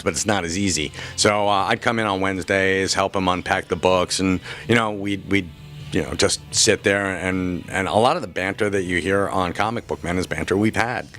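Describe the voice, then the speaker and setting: A man who works in a comic shop and also podcasts answers interview questions in a chatty, joking way, often restarting his sentences. His voice is low and slightly bright.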